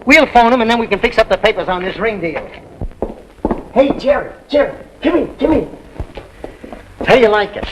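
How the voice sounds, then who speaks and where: An actor playing a slangy, wheedling used-car dealer in a 1930s film comedy. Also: male voice, high-pitched, expressive, normal speed, long pauses, noisy background. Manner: slangy, wheedling sales patter.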